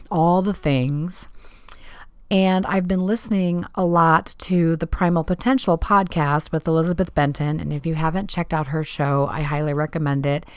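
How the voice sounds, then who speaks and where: A woman's voice: low-pitched, smooth, no echo. A woman hosting her own podcast, talking in a chatty, candid and self-deprecating way. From Southern California. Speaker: podcast host. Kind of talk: casual solo podcast talk.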